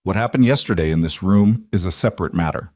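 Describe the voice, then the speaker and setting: Stern, flat-spoken admiral, low and dry, formal cadence; a male narrator reads him. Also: fast, no echo, natural voice. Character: stern male rear admiral addressing a room.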